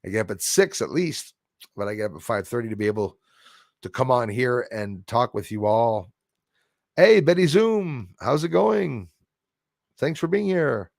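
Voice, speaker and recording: A man with a gravelly, creaky voice chats loosely on a live stream, greeting viewers one by one and reading their comments aloud. He is recorded close and dry, with no room sound around him. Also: medium pitch, sing-song, a little slow, a little mellow, no echo. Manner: rambling, greets viewers and reads chat aloud. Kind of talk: casual live stream chat.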